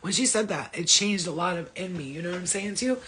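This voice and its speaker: A man's voice: high-pitched, fast, bright, forceful tone, slight background noise. A man giving a casual motivational rant to his viewers, with a blunt, profane, rambling manner. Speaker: spiritual vlogger.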